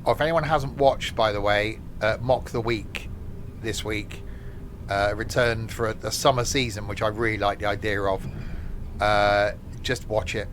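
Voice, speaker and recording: A man's voice: lowish voice, fairly even intonation, moderate pace, fairly bright tone, a little hiss or hum. A man chatting casually while streaming a train simulator, rambling off into asides. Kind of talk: casual gameplay commentary.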